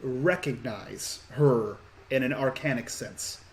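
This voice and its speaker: A man of mid pitch narrates a tabletop game as its game master. He describes the scene in an unhurried way, filling the pauses with ums and uhs. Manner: unhurried, with many fillers.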